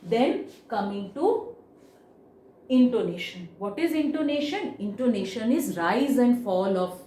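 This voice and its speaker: A woman teacher gives a reading lesson, stretching key words and shifting pitch and loudness to demonstrate. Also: expressive, measured pace, roomy sound, a little hiss or hum.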